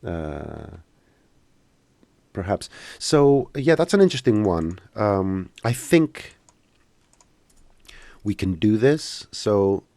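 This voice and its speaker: Give me a man with a deep voice and a dry close sound, casually fielding questions in a live tutorial stream. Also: very animated, slow pace, vocal fry, long pauses, mellow, no room sound. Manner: casual, joking, hesitant with many fillers. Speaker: software instructor.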